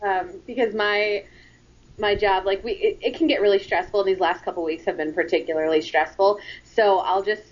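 A woman guest on a podcast, a comedy writer speaking in casual chat, halting with frequent ums and giggles. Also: mid-range voice, steady tone, highs cut off.

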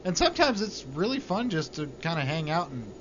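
He's a podcast co-host whose voice sits a little high and moves at a fairly quick clip. In relaxed conversation he curses openly and recounts stories with lively energy, all captured in flat, low-fidelity audio with slight noise.

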